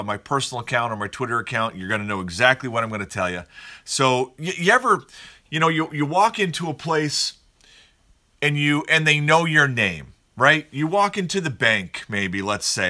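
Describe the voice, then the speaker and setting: Man hosting a casual home morning show, chatty and rambling, with a bright, animated delivery. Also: medium pitch. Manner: chatty, rambling, upbeat storyteller. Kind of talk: casual morning podcast chat.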